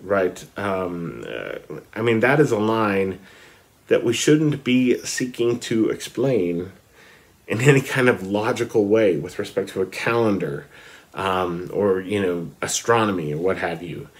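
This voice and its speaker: Man, low voice; chatty literature vlogger, hesitant then keen. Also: expressive, unhurried. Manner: hesitant, many fillers, enthusiastic emphasis. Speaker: book vlogger. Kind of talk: casual talk about literature, reading passages aloud.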